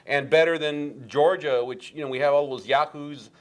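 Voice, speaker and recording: A man appearing as a guest on a political talk show, explaining his position at length in a deliberate way. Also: on the high side. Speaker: guest commentator.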